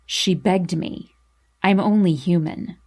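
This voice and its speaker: A woman's voice: slow pace, darkish tone. A woman voicing an angry, defensive young man in a storybook reading, speaking in a clipped, cold, bitter way. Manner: clipped, bitter, low and icy.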